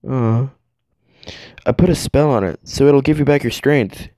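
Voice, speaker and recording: A man voicing a calm, reassuring young male spirit in a comedic fan dub, close to his own voice. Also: mid-range voice, measured pace, no room sound, close to an everyday voice. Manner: calm, reassuring, matter-of-fact.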